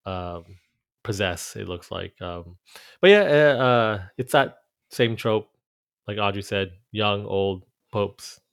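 A man co-hosting a casual podcast, laid-back and joking, with halting, filler-heavy speech. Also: lowish voice, vocal fry, clear, resonant tone, dry recording, clean studio sound. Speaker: podcast co-host. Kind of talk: casual chat.

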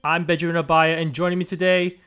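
A man hosting a casual podcast, upbeat and quick to laugh. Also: fairly high pitch, little pitch movement, fairly bright tone, clean tone, soft background music. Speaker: podcast host.

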